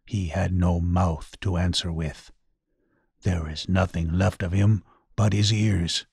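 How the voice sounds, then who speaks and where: A man voicing a gruff, grim ghost samurai messenger in an audiobook, slow and growling. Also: low-pitched, steady tone, darkish tone, no echo, clean studio sound, pitched below the performer's own voice, exaggerated voice.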